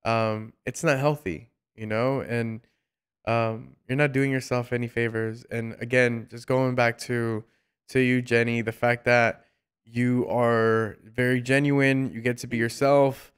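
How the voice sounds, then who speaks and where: A man hosts a relaxed interview with a smooth, resonant voice. He often restarts sentences and hunts for words, and gently teases his guest. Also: medium pitch. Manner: warm, halting, many restarts and fillers, playful teasing. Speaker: podcast host. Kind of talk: casual interview chat.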